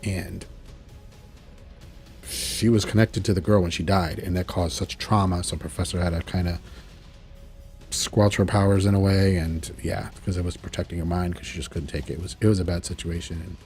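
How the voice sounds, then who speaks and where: A man's voice: sits low, steady tone, moderate pace, darkish tone, faint music behind. A man casually reviewing and recapping a cartoon episode, chatting loosely and acting out lines. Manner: chatty, retells scenes, acts out quotes. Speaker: show reviewer.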